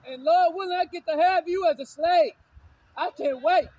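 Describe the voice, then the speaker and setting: High-voiced man preaching confrontationally. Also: normal speed, low-quality recording. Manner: repetitive, insulting, shouts lines again and again. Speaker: street preacher. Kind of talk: confrontational preaching with scripture readings.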